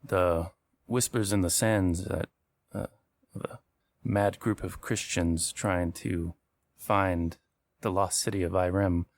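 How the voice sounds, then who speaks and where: A man's voice: deep voice, steady tone, slow, gravelly, hardly any pauses, no echo, heavily acted. A man voicing a dignified male desert village elder in a tabletop role-play, speaking formally and courteously.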